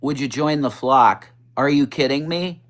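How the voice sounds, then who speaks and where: A man on a casual livestream, talking straight into his phone as he answers viewers' comments. His voice sits at an ordinary middle pitch, but it jumps higher when he gets excited. He is blunt and swears a lot. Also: unhurried. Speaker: livestream host.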